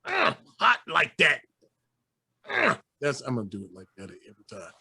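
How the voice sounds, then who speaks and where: A man from Northwest Indiana hosting a casual sports talk show, joking and animated with preacher-like flourishes. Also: medium pitch, normal speed, vocal fry, husky. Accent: American, Northwest Indiana. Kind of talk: casual sports podcast banter.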